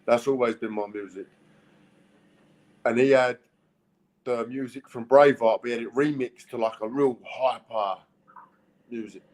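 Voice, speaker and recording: A man, a boxer talking plainly in a casual interview, blunt and halting, with restarts. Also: mid-range voice, fairly even intonation, darkish tone, rough recording. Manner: plain-spoken, few words, halting restarts.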